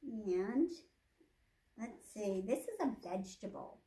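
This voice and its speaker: Slow, gentle woman reading to children. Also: medium pitch, sing-song. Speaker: children's librarian. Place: public library.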